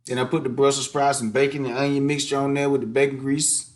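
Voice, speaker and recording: A man's voice: medium pitch, flat delivery, fast talker. A man chatting casually while cooking and eating on his vlog, full of slang. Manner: laid-back slangy chatter, sing-song hype chants. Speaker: mukbang vlogger.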